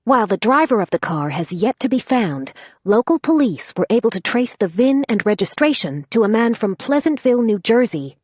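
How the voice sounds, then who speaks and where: A woman narrating an audiobook, voicing a stubborn, sharp-tongued young woman who speaks shrilly and defiantly. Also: a little high, big pitch swings, normal speed, husky, no room sound, pitched above the performer's own voice. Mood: reporting. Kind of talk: audiobook character voice.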